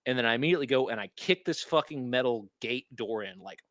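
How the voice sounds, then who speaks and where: A man co-hosting a podcast, telling a story in an animated and profane way in casual chat. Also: mid-range voice, fast, dry recording. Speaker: podcast co-host.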